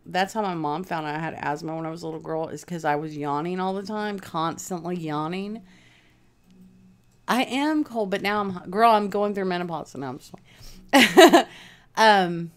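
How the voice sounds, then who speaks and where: A woman hosting a casual crafting livestream from home, rambling chattily and answering viewers' comments by name. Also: on the low side.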